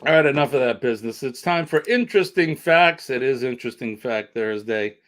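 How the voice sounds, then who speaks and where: A man's voice: medium pitch, expressive, fairly quick, fairly bright tone. A man hosting a casual live stream, chatting with viewers in the comments.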